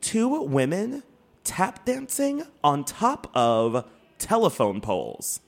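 A man co-hosting a casual podcast chat, animated and swearing, with lots of fillers and laughs. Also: on the high side, takes it slowly, gravelly. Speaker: podcast co-host.

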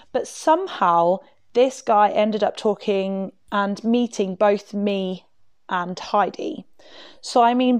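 A woman's voice: medium pitch, a little mellow, no room sound. Woman, podcast host, casual storytelling, candid and self-mocking, mid-range voice, dry close sound.

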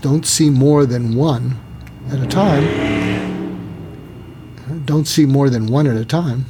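Male psychiatrist, gravelly voice, storytelling delivery, acts out quoted voices. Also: medium pitch, dark tone, slight background noise. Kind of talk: storytelling talk.

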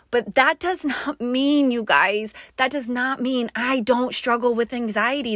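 A woman's voice: a little high, a bit bright, dry recording, studio quality. A woman in her thirties telling a personal story in a chatty, emphatic way, often checking in with "okay?". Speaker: vlogger sharing personal tips.

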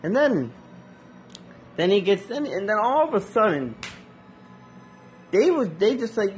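A man casually reviewing an anime episode in loose, slangy talk, with lots of restarts and animated reactions. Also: sits high, unhurried, pauses often, soft background music.

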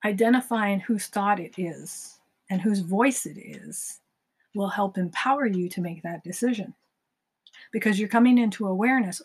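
A woman's voice: mid-range voice, normal speed, slightly rough. A woman hosting a self-help podcast, giving a motivational talk and acting out imagined conversations. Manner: acts out imagined dialogues in lively voices.

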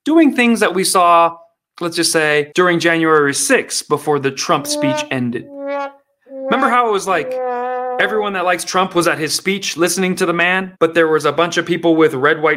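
A man's voice: fairly high pitch, pushed and bright. A man performing political stand-up comedy in a sarcastic, mocking manner.

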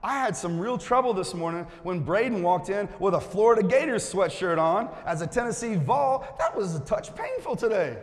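High-pitched and expressive, this pastor keeps a moderate pace with few pauses in a church sanctuary full of long reverb. His participatory sermon starts with playful urging of the crowd and settles into earnest quiet.

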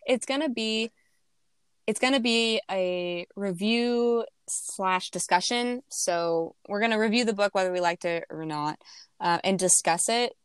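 A woman's voice: medium pitch, unhurried, clean tone, dry recording. A young woman co-hosting a book podcast in casual chat, talkative, with frequent restarts and laughter. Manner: chatty, laughs often, many restarts. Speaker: podcast co-host.

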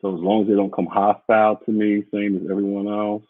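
A man's voice: lowish voice, completely flat delivery, a little fast, no room sound. A man hosting a podcast as a casual livestream, reading out viewer comments in a rambling, blunt and profane way. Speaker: podcast host. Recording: muffled phone-like audio.

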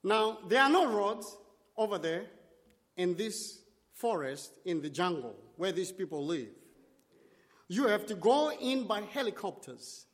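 Male preacher, unhurried and dramatic, in short phrases; long hall reverb. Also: high-pitched, big pitch swings. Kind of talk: sermon storytelling.

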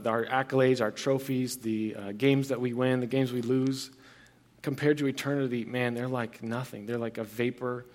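A young man preaching a sermon as pastor, earnest and conversational, with frequent restarts and fillers. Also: medium pitch.

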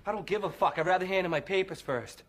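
An actor playing a hot-tempered police sergeant who answers with angry, profane defiance. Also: male voice, sits high, fast. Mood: defiant.

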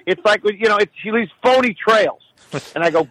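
A man ranting comically about his young daughter, animated and profane, full of exasperation. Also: high-pitched, moderate pace, no echo, low-quality recording. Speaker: guest telling stories about his daughter. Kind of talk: comedic casual storytelling.

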